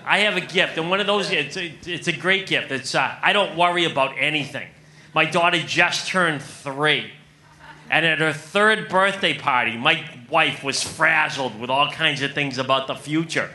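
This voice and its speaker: A man in his thirties performs stand-up on a club stage, firing off punchy jokes and calling the crowd "folks." His voice is on the high side with a sharp tone, at a moderate pace.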